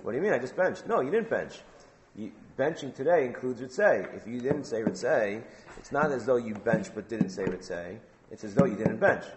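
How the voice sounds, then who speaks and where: A man's voice: medium pitch, a little hiss or hum. A man teaching a Talmud class, prompting his students with questions and repeating phrases for emphasis.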